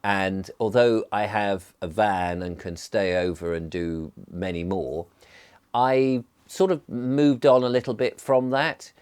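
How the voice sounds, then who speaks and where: A man's voice: lowish voice, steady tone, slow pace, a little mellow, smooth. An English man with a near-posh southern English accent, chatting in a rambling, genial sit-down vlog and sounding a bit groggy from a cold. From England. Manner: rambling, genial, well-enunciated. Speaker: vlogger. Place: indoors, seated.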